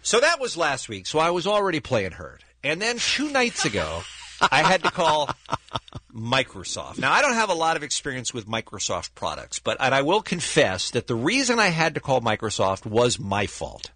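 Animated man, exasperated radio host. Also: medium pitch, normal speed, husky, dry recording. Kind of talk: casual radio chat.

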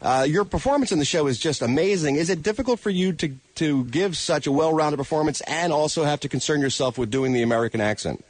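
A man's voice: fairly high pitch, no echo. A man hosting a morning radio show, talking casually and joking with his co-hosts. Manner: animated, fast-talking, joking.

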